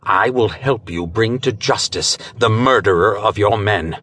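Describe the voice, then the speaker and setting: A man voicing a controlled gentleman hero with a measured, grim way of speaking in an audiobook. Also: fairly low pitch, breathy edge, no echo. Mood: grim vow. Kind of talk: audiobook character voice.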